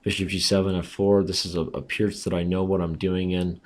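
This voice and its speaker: A man with a raspy voice giving chatty, self-mocking commentary on his own chess games as he plays. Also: low-pitched, level tone, a little fast, a little mellow. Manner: chatty, self-mocking, talks through moves aloud. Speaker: chess streamer. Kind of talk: casual commentary while playing online.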